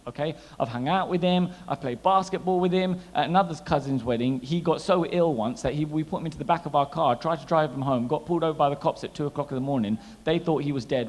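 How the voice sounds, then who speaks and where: A man in his thirties doing a stand-up comedy set, chatty and animated, teasing the crowd. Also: a little high. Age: 30s. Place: large hall at a gala dinner. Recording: long hall reverb.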